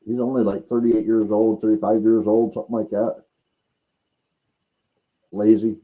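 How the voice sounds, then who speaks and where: A man's voice: lowish voice, flat delivery, moderate pace, dark tone, poor audio. A man hosting a casual livestream, telling rambling stories with repeated words and chuckles. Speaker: host.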